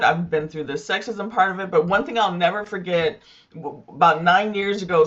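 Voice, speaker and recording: Woman, business owner, candid storytelling, panel talk, dull lo-fi sound. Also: lowish voice. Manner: candid, emotional storytelling with many fillers.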